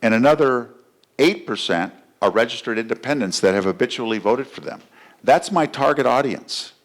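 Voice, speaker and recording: A man's voice: medium pitch, expressive, moderate pace. A man running for office, speaking at a fundraiser in a conversational way, telling stories with frequent fillers. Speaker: political candidate. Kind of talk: campaign speech at a fundraiser. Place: fundraiser gathering.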